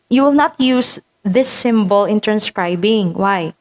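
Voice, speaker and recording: A woman's voice: medium pitch, lively intonation, measured pace, few pauses, darkish tone. A woman teaching vowel sounds in a patient lesson, repeating sample words to demonstrate them. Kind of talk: phonetics lesson.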